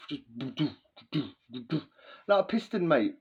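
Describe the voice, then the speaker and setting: Crude, laughing storyteller. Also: male voice, on the low side, normal speed, pauses often, a little mellow. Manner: swearing, laughing, slangy. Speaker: podcast host. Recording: dull lo-fi recording.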